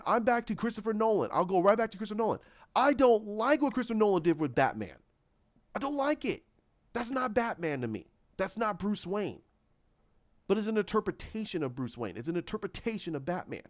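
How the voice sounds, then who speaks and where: A man's voice: sits high, muffled recording. A man giving an impassioned, opinionated solo commentary, often repeating himself and restarting phrases as he argues his point. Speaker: YouTube commentator.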